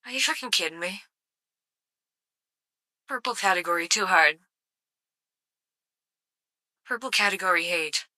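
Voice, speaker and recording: A woman's voice: medium pitch, expressive, unhurried, pauses often, sharp tone, no echo. A woman live-streaming casual commentary, sarcastic and swearing freely with mock outrage.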